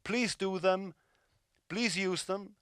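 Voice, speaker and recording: A man's voice: sits high, slow pace, a bit bright, smooth, no echo, clean studio sound. A man teaching drum technique, counting beats and calling out hand patterns, with firm, opinionated asides. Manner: emphatic, counts and calls hand patterns aloud. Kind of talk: instructional drum lesson.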